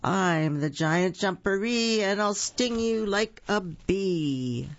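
A reader booming as a scary hidden burrow creature. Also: expressive, dry recording, dull audio. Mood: booming, menacing. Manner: slow, loud, sing-song rhymes.

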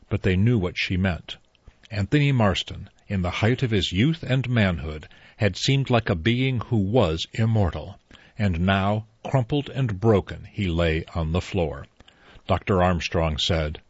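Low, husky male audiobook narrator. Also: animated, dry recording. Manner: measured storytelling. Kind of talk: scripted narration. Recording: dull lo-fi audiobook recording.

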